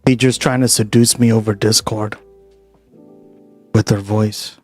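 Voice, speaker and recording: A man's voice: on the low side, level tone, a little slow, a little mellow, soft background music. Laid-back man chatting on stream. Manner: laid-back, reacting to chat. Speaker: streamer host. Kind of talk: casual stream chat.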